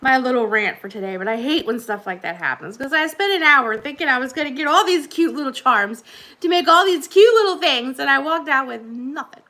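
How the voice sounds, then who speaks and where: A woman's voice: sits high, lively intonation, brisk, pushed and bright. A woman hosting a casual livestream, chatting with viewers in a rambling way and laughing often. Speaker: livestream host.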